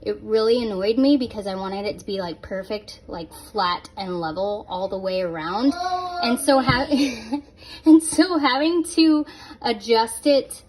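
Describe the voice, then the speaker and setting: A woman's voice: fairly high pitch, unhurried, a little mellow, a little hiss or hum. A woman talking casually to her phone camera at home in a chatty, giggly, self-mocking way. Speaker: vlogger.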